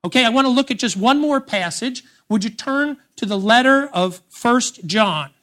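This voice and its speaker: A pastor giving a sermon in a church service. He speaks with emphasis, slows down to read scripture aloud, and adds conversational asides to the congregation. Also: very high-pitched, expressive, sharp tone.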